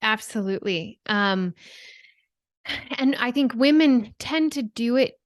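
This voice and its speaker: A woman's voice: a little high, lively intonation, takes it slowly, no echo, clean studio sound. A woman in her thirties, a guest expert on a podcast, explaining in an earnest way and often checking in with "right?". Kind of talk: podcast interview.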